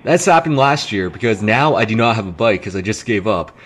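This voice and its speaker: Young man, casual animated storyteller for game commentary. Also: fairly low pitch, a little fast, slightly rough. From Canada. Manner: animated, acts out quotes, swears freely. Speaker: gaming commentator.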